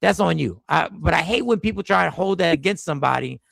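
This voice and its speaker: A man hosting a casual podcast chat, talking in an animated, emphatic way with frequent restarts. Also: on the high side, fast talker, creaky, dry recording. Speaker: podcast host.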